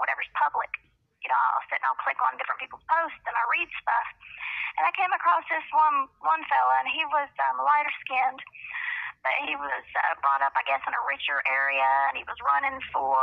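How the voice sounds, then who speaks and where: High, gravelly-voiced woman telling stories. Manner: animated storyteller, acts out quotes. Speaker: podcast co-host. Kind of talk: casual chat. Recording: dull lo-fi podcast audio.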